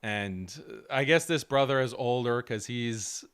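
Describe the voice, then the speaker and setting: A man's voice: medium pitch, unhurried, fairly bright tone, smooth. A man hosting a show, reacting to clips with mocking commentary and frequent laughter. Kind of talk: casual commentary.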